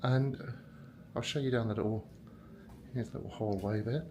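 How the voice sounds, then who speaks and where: A man's voice: medium pitch, normal speed, roomy sound, noisy background. A British man giving a casual, rambling, self-mocking vlog tour of a hotel room, filmed on a handheld camera. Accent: British English. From United Kingdom. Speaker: vlogger.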